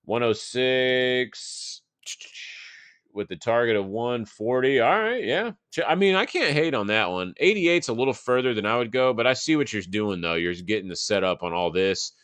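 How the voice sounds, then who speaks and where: A man's voice: mid-range voice, lively intonation, moderate pace, a bit bright, smooth, no echo. A man in his thirties from Texas hosting a live market show, chatting casually and thinking aloud over charts, loose and profane with plenty of fillers. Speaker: market analysis host.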